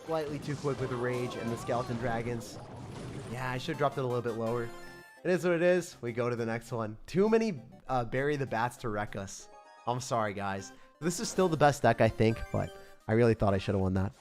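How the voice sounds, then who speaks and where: A man giving excited, self-mocking commentary over his own gameplay, full of gamer slang, swinging from hype to groans. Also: mid-range voice, a little fast, soft background music. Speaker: gaming creator.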